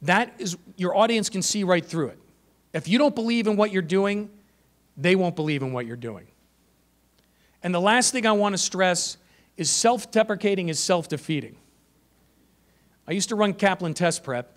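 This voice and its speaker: A man giving a conference presentation to teachers, energetic and emphatic, shifting his pace for effect. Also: high-pitched. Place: conference room.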